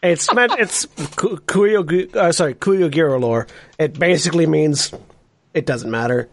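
A man with a fairly high voice chats casually during a tabletop game. He is easygoing and likes to explain how things work. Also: normal speed. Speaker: player.

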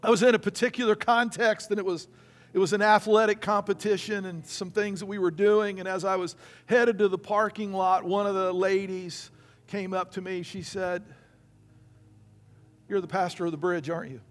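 A man's voice: high voice, flat delivery, normal speed. A male pastor preaching a sermon, telling stories and acting out the people in them. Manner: storytelling preacher acting out quoted voices.

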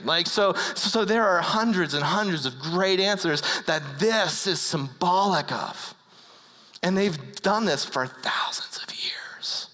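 A preacher giving an earnest sermon as a story, with frequent halting restarts. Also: medium pitch, pushed and bright, big-room sound, low-quality recording.

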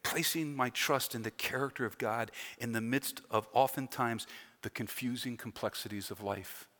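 A man's voice: mid-range voice, moderate pace, pushed and bright. A man preaching a sermon as a pastor, with an emphatic delivery that rises and falls. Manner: emphatic, rising and falling delivery with repeated phrases. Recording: long hall reverb.

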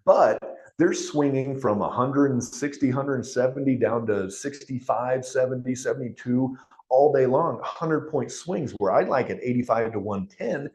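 A man of middle pitch talks as a guest doctor on a podcast. He explains in a relaxed conversational way and lets small chuckles slip in between his points. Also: normal speed. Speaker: functional medicine doctor, guest.

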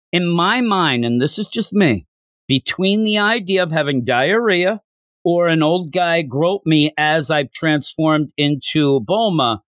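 An animated man recapping a story. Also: fairly high pitch, measured pace, no echo, studio quality. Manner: animated storytelling, acting out lines. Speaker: podcast host. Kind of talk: casual comic-book recap chat.

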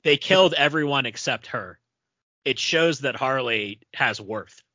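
A man's voice: medium pitch, lively intonation, a little slow, bright, forceful tone, no echo. A man giving his matter-of-fact take in a casual movie discussion. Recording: dry, dull lo-fi sound.

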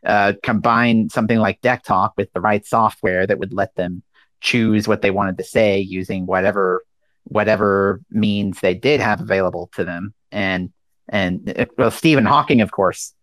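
Low-voiced man explaining tech, hesitant. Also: steady tone, moderate pace, fairly bright tone, no echo. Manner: hesitant, full of ums and uhs. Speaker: guest speaker. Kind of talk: casual technical discussion.

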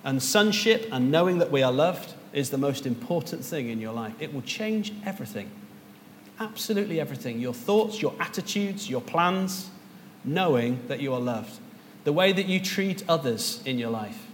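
A man's voice: on the high side, lively intonation, normal speed, in a large hall, slight background noise. A man preaching a sermon as pastor, earnest and rising to emphatic peaks.

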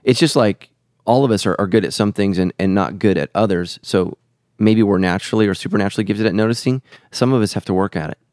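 A man's voice: lowish voice, quick pace, a little mellow, no room sound, studio quality. A man who is a pastor and podcast host, teaching in an earnest, preacherly way and repeating phrases for emphasis.

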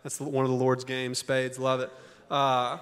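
A man preaches in a church auditorium, his mid-range voice clear, resonant, fairly bright, monotone and a little slow. As a pastor, he keeps the sermon folksy and conversational with plenty of rhetorical questions, under long hall reverb.

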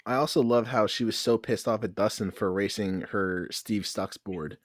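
A man's voice: fairly low pitch, moderate pace, no echo, studio quality. A man co-hosting a podcast in casual chat, riffing in a laid-back way with lots of fillers. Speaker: podcast co-host.

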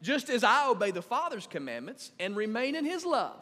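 Animated pastor preaching in a reverberant hall. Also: male voice, extremely high pitch, brisk. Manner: animated and conversational, swings from loud to quiet. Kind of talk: sermon. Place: church sanctuary. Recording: long reverb of a church hall.

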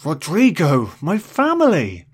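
Man putting on a sloppy drunk middle-aged spaceman, slurred, rambling, higher and louder than his narration, storybook reading. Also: wildly swooping pitch, unhurried, breathy edge, full character voice. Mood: pleading.

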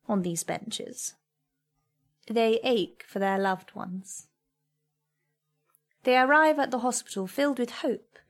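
A woman's gentle voice, somewhat above typical female pitch, narrates her own story thoughtfully, her delivery calm, steady and never rushed.

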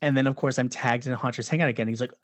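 A man's voice: medium pitch, steady tone, rapid-fire, no echo. A man in his forties, a guest filmmaker on a casual podcast chat, telling stories with animation, acting out quotes and laughing often. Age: 40s.

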